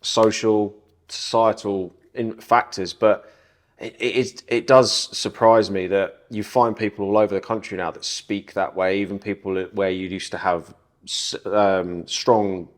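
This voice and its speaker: A man's voice: fairly low pitch, fairly even intonation, a little slow. A man with a southern English accent, co-hosting a casual podcast chat and talking in a thoughtful way with many filler words and restarts. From southern England. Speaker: podcast co-host.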